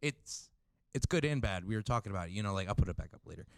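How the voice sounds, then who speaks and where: A man's voice: fairly low pitch, animated, rapid-fire, vocal fry, dry recording. A man hosting a podcast, chatting in a laid-back way and swearing casually. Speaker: podcast host. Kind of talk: casual chat.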